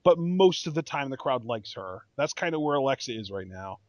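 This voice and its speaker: A man co-hosting a podcast in casual chat, conversational and measured, often hedging. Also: medium pitch, very animated, dry recording, lo-fi sound. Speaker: podcast co-host.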